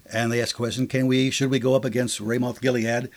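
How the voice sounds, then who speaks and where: A man co-hosting a casual Bible discussion, explaining passages conversationally with fillers and lively acted-out sarcastic lines. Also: medium pitch, quick pace. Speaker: Bible study co-host.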